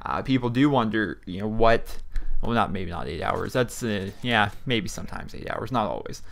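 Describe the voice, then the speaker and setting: His voice is lowish and gravelly, and he sounds animated at a moderate pace. This young Pennsylvania gaming YouTuber rambles chattily over gameplay from a small home room, using many fillers and restarts.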